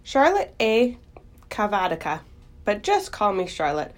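A woman voicing a kindly, clever female spider who talks in a gentle, precise, matter-of-fact way in a storybook reading. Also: medium pitch, very animated, unhurried.

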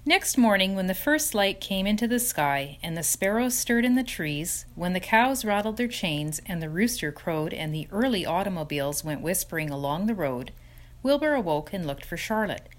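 A woman reads a chapter book aloud. Her pitch swings widely from line to line, a lively, sing-song telling that keeps each scene moving. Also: normal speed. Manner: expressive, sing-song storytelling. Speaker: narrator. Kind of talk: storybook reading.

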